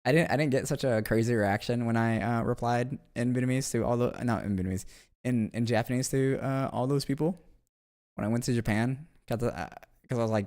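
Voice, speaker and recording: A man's voice: mid-range voice, fairly quick, darkish tone. Chill guy streaming, slangy, just talking to chat, trips over words a bit, normal mid voice. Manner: slangy, laid-back, often restarts words. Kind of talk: casual stream chat, reacting to chat.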